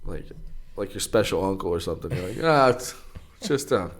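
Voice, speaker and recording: Swearing, rambling podcast host. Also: male voice, sits low, lively intonation, brisk, a crowd in the background. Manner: rambling storyteller, laughs a lot, heavy swearing. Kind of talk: casual chat.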